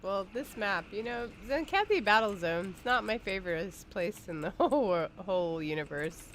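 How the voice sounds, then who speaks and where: A woman with a medium-pitched voice sounds animated and talks at a moderate pace, with slight background noise. As a podcast co-host playing a game on a livestream, she giggles, chats casually, and fills her speech with fillers.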